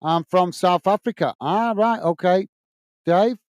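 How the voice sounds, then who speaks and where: A man's voice: high voice, measured pace, a little mellow, no room sound, lo-fi sound. Chatty man hosting a match stream. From United Kingdom. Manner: chatty, reads out viewer messages, calls play-by-play. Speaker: watch-along host. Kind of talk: casual live commentary and chat reading.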